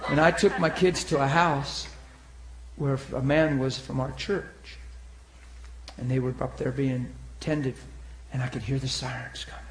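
A man preaching and telling a personal story. He is animated and swings between loud and hushed speech. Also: mid-range voice, unhurried. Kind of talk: sermon testimony storytelling. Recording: echoey room with faint noise.

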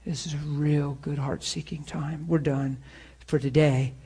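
An earnest male pastor talks to students the way you would talk to friends, moving between personal stories and a closing prayer. His speaking voice sits a little higher than most men's. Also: level tone, a little slow, dark tone, slightly rough. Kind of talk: informal sermon ending in a prayer. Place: room with students present, also streamed online.

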